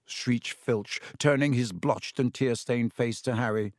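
A man narrating an audiobook with expressive, animated delivery on a close microphone. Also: mid-range voice, unhurried, few pauses, no echo. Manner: animated, varied character voices.

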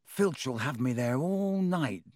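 A glum teenage schoolboy, read by a man who grumbles in a slow, heavy drawl. The storybook reading is close and dry. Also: medium pitch, big pitch swings, no echo. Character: gloomy young male student, glum and grumbling.

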